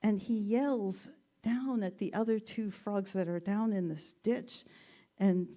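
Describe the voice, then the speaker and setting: A woman minister giving a sermon, telling stories gently with playful asides. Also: mid-range voice, takes it slowly. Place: church sanctuary.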